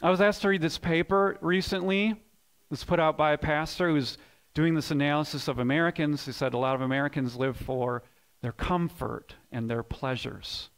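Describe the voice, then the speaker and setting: A man preaching a sermon as pastor, swinging between loud emphatic bursts and hushed low lines, often repeating words as he builds a point. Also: fairly even intonation, moderate pace. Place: church sanctuary.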